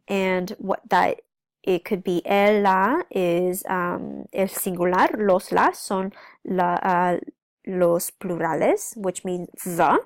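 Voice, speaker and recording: Woman teacher, patient step-by-step explainer, mid-pitched voice, dry close recording. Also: dry recording. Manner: explains step by step, checks in with "okay?"; switches between English and Spanish. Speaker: Spanish teacher. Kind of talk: recorded classroom lesson.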